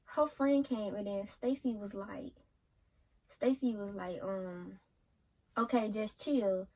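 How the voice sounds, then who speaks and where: A young woman telling a storytime in a casual, animated way and acting out what people said. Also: mid-range voice, slow. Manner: animated retelling, acts out quotes, yells some lines. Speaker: vlogger.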